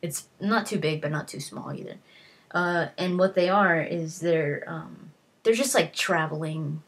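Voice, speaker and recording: Woman, low-pitched, husky, casual book review, rambling plot recap. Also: measured pace. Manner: rambling retelling with frequent "like" and restarts. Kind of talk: casual spoken book summary.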